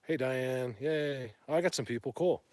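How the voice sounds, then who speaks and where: Rambling excitable man streaming outdoors. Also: mid-range voice, normal speed, no echo. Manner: rambling and excitable, chatting to viewers. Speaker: bigfoot-hunting livestreamer. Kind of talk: casual live stream chat. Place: outdoors in a mountain wilderness. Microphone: phone held by hand.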